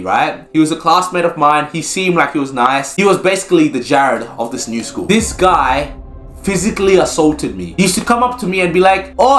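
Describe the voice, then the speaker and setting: A young man tells a comic story from his school days with an animated, exclaiming delivery. His voice sits high for a man. Faint music plays quietly behind him. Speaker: vlogger.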